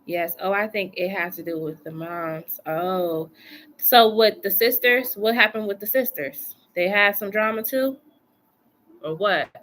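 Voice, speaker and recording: Woman reading tarot on a live stream, bright voice, chatty and repeats herself, faint room hiss. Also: medium pitch, unhurried. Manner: chatty, colloquial, repeats phrases for emphasis. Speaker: tarot reader. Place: home.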